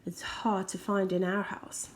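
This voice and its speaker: A woman reading a children's picture book aloud, expressive, with soft whispered asides. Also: mid-range voice, measured pace, slight background noise. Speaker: storybook reader.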